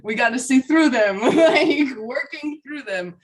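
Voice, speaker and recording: Woman rattling on fast n sweary, laughing a lot, sounds kinda far from the mic. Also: sits high, expressive. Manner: fast, profanity-laced and laughing often. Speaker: podcast guest, psychic medium. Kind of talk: casual conversation.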